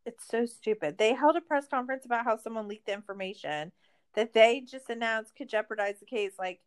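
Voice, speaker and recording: A woman's voice: fairly high pitch, a little fast. Exasperated, profane woman podcast host. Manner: ranting, exasperated, swears a lot. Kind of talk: casual recap chat.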